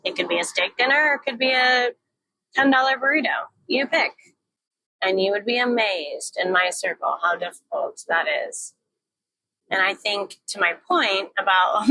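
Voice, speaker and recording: A woman's voice: mid-range voice, pushed and bright, a little hiss or hum, rough recording. A young woman talking candidly in a frank, joking, often profane monologue, recorded on a phone while she drives her car. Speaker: vlogger.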